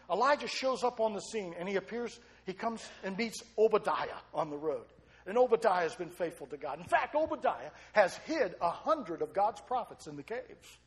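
A man preaching a sermon, retelling a story with lively repetition and questions to the congregation. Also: high voice.

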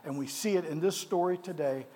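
A man's voice: on the high side, fairly quick, mellow. A man preaching a sermon as pastor of a church, with a fervent cadence that repeats phrases, then leading prayer. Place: church sanctuary.

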